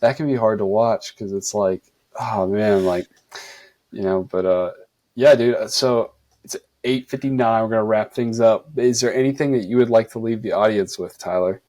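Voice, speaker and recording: A man's voice: fairly low pitch, moderate pace, darkish tone. A man hosting a podcast in a casual, laid-back way, peppering his talk with "dude" and "like.". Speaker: podcast host.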